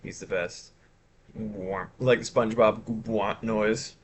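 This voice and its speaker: A man's voice: lowish voice, steady tone, takes it slowly, husky. A man streaming live, chatting casually and rambling with chat while showing his art. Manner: rambling, chatty, self-interrupting.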